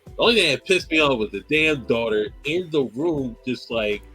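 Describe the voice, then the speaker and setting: A man co-hosting a podcast, casually reviewing an anime and retelling scenes in a loose, profane, animated way. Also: mid-range voice, normal speed, faint music behind. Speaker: podcast co-host.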